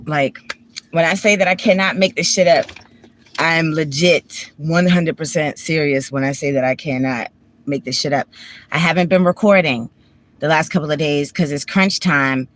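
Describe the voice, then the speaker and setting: A woman's voice: deep voice, normal speed. A woman with a Washington DC accent, vlogging from her parked car on a phone, talking candidly and profanely in a rambling way. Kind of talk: casual emotional chat.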